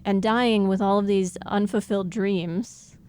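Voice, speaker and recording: A woman's voice: medium pitch, steady tone, measured pace, a little mellow, smooth, dry recording. A woman co-hosting a podcast, explaining her ideas in thoughtful casual chat and laughing often as she talks. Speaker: podcast co-host.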